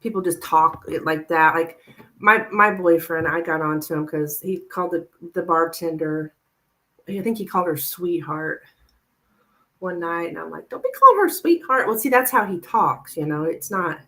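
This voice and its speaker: A woman's voice: sits low, moderate pace, bright, forceful tone. Chatty woman reading tarot. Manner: chatty, thinks aloud with many "like"s. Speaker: tarot reader. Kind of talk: live-stream tarot reading, chatting with viewers.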